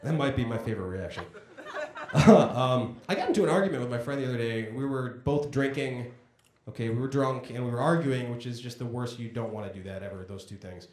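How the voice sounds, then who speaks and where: A man's voice: medium pitch, a little fast, a little mellow. A man doing a stand-up comedy set on a club stage, talking in a conversational, self-deprecating way and acting out voices in his stories. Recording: echoey comedy club room.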